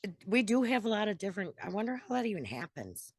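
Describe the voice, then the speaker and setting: A woman's voice: medium pitch, sing-song, fast, slightly rough, no echo, studio quality. A woman co-hosting a casual chat podcast, playful and gushing as she talks. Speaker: podcast co-host.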